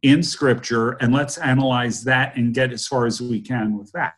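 A man's voice: mid-range voice, fairly even intonation, normal speed. A man in a casual discussion, explaining ideas step by step in a methodical way.

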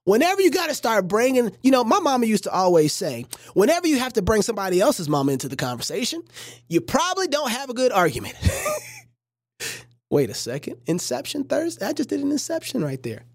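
A woman's voice: a little high, huge pitch swings, fairly quick, no echo, clean studio sound. A woman hosting a livestream, giving casual reaction commentary with joking, preachy asides. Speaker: livestream host.

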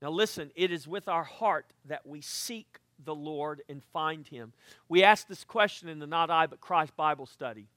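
An older male pastor preaching in a high, bright voice. He swings from hushed asides up to loud, forceful emphasis, heard close and dry with no room sound. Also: normal speed, no echo. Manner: animated preaching, dropping to quiet asides and rising to loud emphatic bursts. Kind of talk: sermon.

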